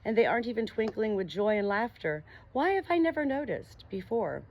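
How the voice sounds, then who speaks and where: A woman's voice: medium pitch, expressive, fairly quick, darkish tone. Woman doing a scared desperate person, raised voice, tense, pleading, storybook. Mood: amazed. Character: anxious troubled person, desperate and fearful. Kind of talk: audiobook narration.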